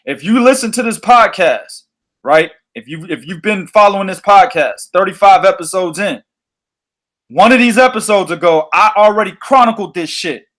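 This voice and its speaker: High-voiced, profane boxing podcast host. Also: male voice, moderate pace. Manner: profane, animated storytelling. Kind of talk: casual boxing podcast chat.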